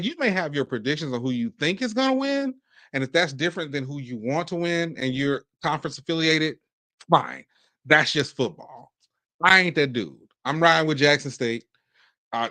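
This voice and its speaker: A man in his forties from Mississippi, hosting a casual sports commentary show, animated and talking in bursts with frequent restarts. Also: mid-range voice, no echo. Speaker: podcast host.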